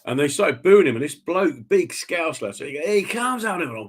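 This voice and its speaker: A man hosting a casual radio chat and telling animated anecdotes, laughing often. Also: a little high, brisk. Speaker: radio host.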